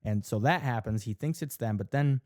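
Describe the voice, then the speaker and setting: A man co-hosting a podcast walks through a show's plot in a casual way, talking a little fast in a medium-pitched, darkish voice. Profanity and "like" fillers pepper his speech, and he acts out what the characters say. It's studio quality with no room sound.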